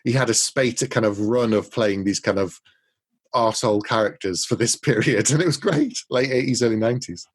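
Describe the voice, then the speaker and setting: A man's voice: mid-range voice, a little fast, husky. Man co-hosting a film podcast. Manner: retells scenes with quoted lines. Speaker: podcast co-host. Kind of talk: casual chat.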